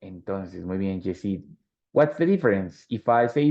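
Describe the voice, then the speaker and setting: A man's voice: on the low side, expressive, normal speed, darkish tone. A man with a Colombian Spanish accent teaching an English class, explaining patiently and slipping into Spanish. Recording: dull lo-fi audio.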